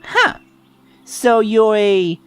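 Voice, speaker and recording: A tiny fairy child with a shrill, pouty voice that leaps very high and swings widely, bossy and nagging, as a man puts her on. The voice darts up and down in wild jumps. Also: huge pitch swings, unhurried, faint music behind, heavily acted. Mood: scolding.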